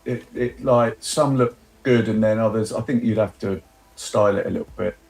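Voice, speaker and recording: A man's voice: fairly low pitch, normal speed, gravelly, a little mellow. A man on a livestream panel, speaking hesitantly and unsure of himself in casual chat.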